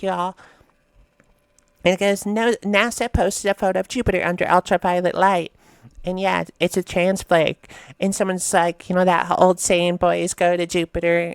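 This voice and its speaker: A woman's voice: fairly low pitch, smooth, no room sound. A woman hosting a reaction video, reading captions aloud and riffing on them in a chatty, blunt way with casual swearing. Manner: chatty, reads captions aloud then riffs with blunt profanity. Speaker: host reacting to memes.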